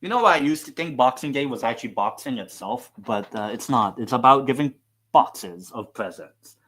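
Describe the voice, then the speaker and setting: A man's voice: mid-range voice, animated, normal speed, fairly bright tone, husky. A man hosting a live football watchalong stream, chatting casually in a rambling, profane, self-mocking way.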